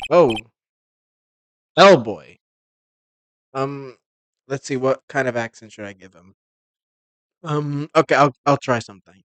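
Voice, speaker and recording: A man giving casual let's-play commentary, hesitant and full of ums. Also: on the high side. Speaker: gamer. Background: video game music.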